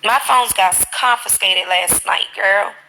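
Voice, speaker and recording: A woman chats on her live stream, telling stories with plenty of swearing. Her voice is gravelly and edged with fry, and it has a bright, sharp tone. She talks straight into her phone. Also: medium pitch, slow pace, low-quality recording. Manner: animated, profane storytelling. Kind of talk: casual live-stream chat.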